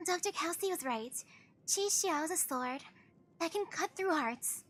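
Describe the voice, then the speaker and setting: A woman voicing an earnest, gentle young girl leader in a video game, speaking in a pleading, heartfelt way. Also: very high-pitched, lively intonation, measured pace, pitched above the performer's own voice, full character voice. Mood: awed.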